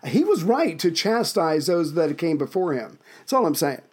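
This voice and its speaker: A man's voice: fairly high pitch, very animated, moderate pace, husky. Dry-witted man bantering on a podcast. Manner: dry, wry, mock-serious humor. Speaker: history podcast co-host.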